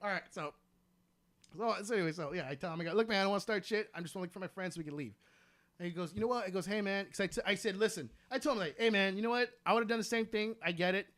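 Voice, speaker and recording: A man, a comedian guest on a podcast, telling a story in an animated way, swearing a lot and acting out what other people said. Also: high-pitched, racing.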